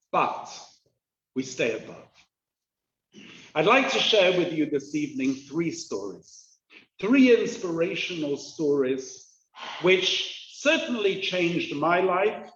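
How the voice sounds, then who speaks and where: A man speaking as a rabbi at a communal gathering, giving a humorous, inspirational address and joking with the audience. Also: on the high side. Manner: jovial storyteller, joking with the audience. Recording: roomy, dull lo-fi hall recording.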